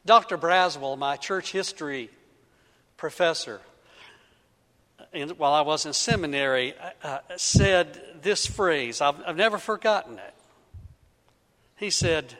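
A man's voice: a little high, a little slow, pauses often, a bit bright. A male pastor preaching a sermon, telling a story with frequent restarts and repeated words. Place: church sanctuary. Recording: echoey church sanctuary.

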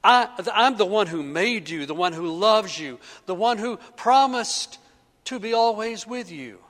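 A male preacher voicing God as a gentle, loving, fatherly figure in a sermon, speaking tenderly and reassuringly. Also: high-pitched, expressive, unhurried, voice pushed up. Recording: echoey church sanctuary.

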